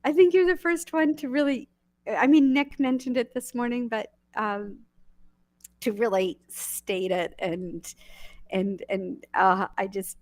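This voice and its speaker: A woman minister leading a church service, speaking with halting restarts and soft laughs. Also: fairly high pitch, no room sound, studio quality. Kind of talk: emotional casual thanks in an online church service.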